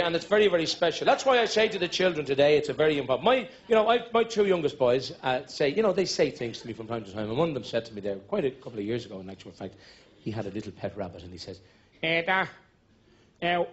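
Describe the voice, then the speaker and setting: A middle-aged man with a Dublin accent doing stand-up, telling rambling anecdotal stories and bursting into loud shouts at the punchlines. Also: on the high side, animated, quick pace. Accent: Irish, Dublin. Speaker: stand-up comedian. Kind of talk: stand-up storytelling. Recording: dull live recording with audience laughter. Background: audience laughter.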